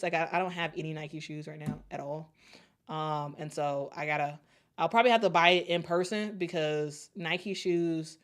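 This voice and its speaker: A woman's voice: sits low, fairly bright tone. Laid-back woman with a Chicago accent. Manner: halting, many fillers and restarts. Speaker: sports show host. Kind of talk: casual livestream chat reading super chats.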